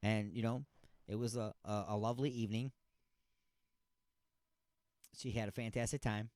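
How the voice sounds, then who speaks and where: A man's voice: fairly low pitch, fairly even intonation, normal speed, a little mellow, dry recording, studio quality. A man hosting a comedic radio talk show, rambling and jokey, repeating himself and stretching words for effect. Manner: rambling, jokey, mock-outraged.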